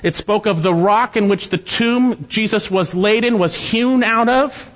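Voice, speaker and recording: A man's voice: high voice, unhurried, big-room sound, dull audio. A man preaching an expository sermon, earnest and teaching through rhetorical questions. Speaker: pastor.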